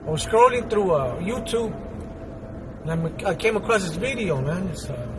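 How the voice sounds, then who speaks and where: High-voiced man over traffic noise. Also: animated, moderate pace. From Houston, Texas. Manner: rambling, blunt, streetwise, repeats himself. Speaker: YouTuber reacting to a clip. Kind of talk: casual spoken commentary.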